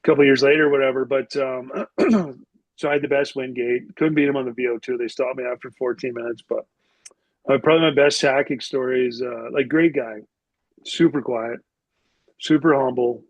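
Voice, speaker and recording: A man's voice: medium pitch, steady tone, moderate pace, no room sound, rough recording. A middle-aged man telling stories as a podcast guest, rambling and swearing casually with lots of "like". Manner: rambling, profane, heavy use of "like". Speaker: podcast guest, former hockey player. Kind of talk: casual storytelling interview.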